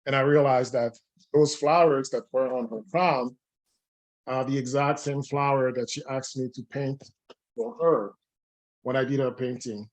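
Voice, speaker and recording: Male guest, spiritual medium, mid-pitched, earnest conversational storyteller. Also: a little slow. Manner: earnest, relaxed, with frequent restarts.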